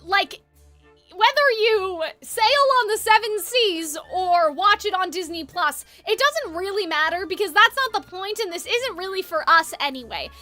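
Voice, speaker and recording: A woman's voice: extremely high pitch, sharp tone. A woman streaming a game, chatting casually and rambling, with a dry throat.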